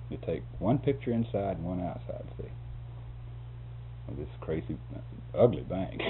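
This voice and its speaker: An older man, a photographer, telling a rambling, chuckling story in an interview. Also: deep voice. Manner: chuckling, folksy, animated. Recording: tinny lo-fi tape with hum.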